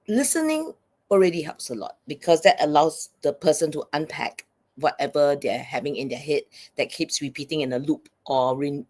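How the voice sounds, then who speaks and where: Woman, interview guest, psychologist and coach, earnest, explanatory, lower voice, keeps asking "right?". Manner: earnest, often checks in with "right?".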